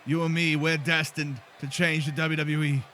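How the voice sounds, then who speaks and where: A man putting on a mock Irish accent to voice a brash male wrestler pitching a partnership, leaning on the word "fella.". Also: little pitch movement, moderate pace, bright, forceful tone, a little hiss or hum. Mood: persuading. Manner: persuasive, repeating "fella".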